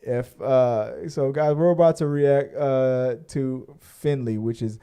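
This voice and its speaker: Picture a man co-hosting a podcast with a warm, mellow tone. He rambles loosely through casual chat at an everyday pitch, joking and dropping swear words as he goes. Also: slow pace, smooth. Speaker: podcast co-host.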